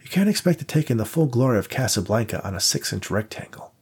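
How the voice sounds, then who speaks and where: A man reading a brisk, dry-witted woman professor. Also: mid-range voice, very animated, a little mellow, slightly rough, full character voice.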